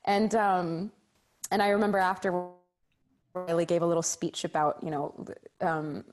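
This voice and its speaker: A young woman with a slightly low voice chats as a guest in an interview. She tells stories with animation, acting out little gasps and reactions. Her talk is loose and conversational, full of restarts. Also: a little slow. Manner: animated storyteller, acts out kids' reactions. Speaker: stage actress, guest. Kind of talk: casual interview chat.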